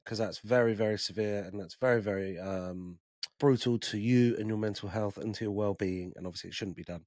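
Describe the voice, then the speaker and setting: A man's voice: medium pitch, no room sound. A man co-hosting a podcast in loose, casual chat, swearing freely. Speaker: podcast co-host.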